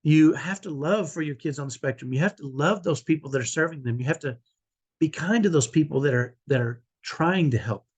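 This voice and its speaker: A middle-aged man speaks to his viewers in a heartfelt, confessional vlog. His voice is husky and sits a little high, and he often restarts his sentences. He sounds emotional, close to tears. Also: fairly quick. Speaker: vlogger, autism parent. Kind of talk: earnest personal vlog.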